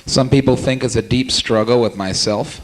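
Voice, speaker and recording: A young man doing stand-up comedy at a small cafe, teasing the audience in a rapid, jokey way. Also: mid-range voice. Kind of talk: stand-up comedy with crowd work.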